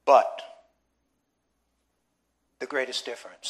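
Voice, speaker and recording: A man's voice: medium pitch, lively intonation, normal speed, pauses often. A man preaching a sermon in a church, emphatic, with many rhetorical questions to the congregation. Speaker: pastor.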